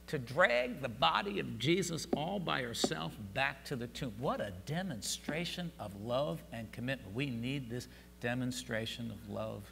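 A male pastor preaching an Easter sermon, building from quiet, close talk to loud shouted passages, with a congregation answering. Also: medium pitch, expressive, measured pace, vocal fry, big-room sound, noisy background. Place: church sanctuary.

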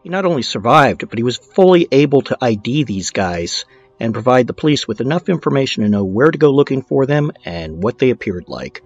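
A man's voice: mid-range voice, sing-song, a little fast, muffled recording, faint music behind. A man narrating a true-crime documentary in a casual storytelling way, dropping in blunt, swearing asides.

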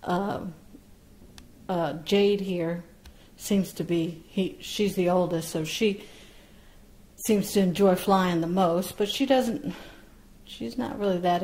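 A woman parrot breeder talking casually about her baby birds and gently coaxing them with sing-song encouragement. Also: medium pitch. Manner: slow, gentle, coaxing, with frequent laughs. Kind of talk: casual vlog narration and baby-talk to birds.

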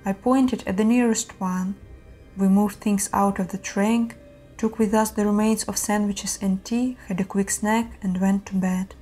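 A woman narrating horror stories in a steady, measured reading voice. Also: mid-range voice, faint music behind. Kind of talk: scripted horror story narration.

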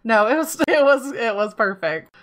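A woman's voice: fairly high pitch, expressive, over a noisy crowd. A woman co-hosting a podcast, reacting upbeat and chatting casually. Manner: upbeat, quick reactions and laughs. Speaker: podcast co-host. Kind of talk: casual chat.

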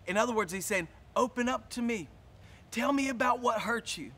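High-pitched preacher, hushed to shouting. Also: male voice, slight background noise. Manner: swings from quiet, slow intensity to loud shouting; repeats words and stumbles into restarts. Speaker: pastor. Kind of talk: sermon.

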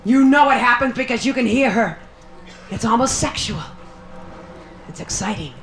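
Her voice is on the high side and expressive, at a normal speed, with faint music behind her. She's a stand-up comedian on a nightclub stage doing a brassy, bawdy set, punchy and stretched out for the crowd, captured in an echoey live recording with the audience laughing.

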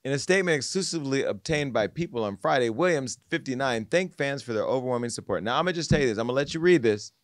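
A man's voice: mid-range voice, expressive, fast, hardly any pauses, no room sound, studio quality. A man hosting a celebrity gossip podcast, telling stories with lots of energy and mimicking the people he quotes. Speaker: podcast host. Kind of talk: casual gossip commentary.

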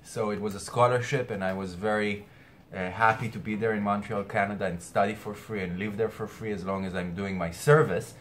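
A man with a somewhat low voice delivers an earnest weekly astrology message. He hesitates and repeats words as he searches for them. Something seems caught in his throat. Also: steady tone, brisk, a bit bright, slight background noise. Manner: earnest, hesitant, with many restarts and fillers. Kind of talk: weekly spiritual message to camera.

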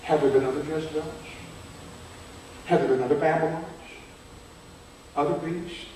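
An older man teaching a Bible seminar at a church, chatty, quizzing his listeners and turning loud and emphatic. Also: fairly high pitch, fairly even intonation, moderate pace. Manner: conversational, asks the audience questions, grows loud and emphatic. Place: church hall. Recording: very echoey hall from far off, faint noise.

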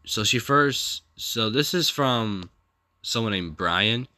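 A man's voice: on the low side, lively intonation, takes it slowly, bright, forceful tone. A young man vlogging casually, rambling and repeating himself with hesitant restarts as he talks through messages. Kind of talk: casual commentary reading out text messages.

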